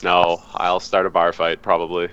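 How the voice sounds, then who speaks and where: A young man playing a tabletop game, throwing in quick quips. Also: low voice, completely flat delivery, fairly bright tone, smooth, no room sound, highs cut off. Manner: quick quips, laughing asides. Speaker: player. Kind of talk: casual tabletop game chat.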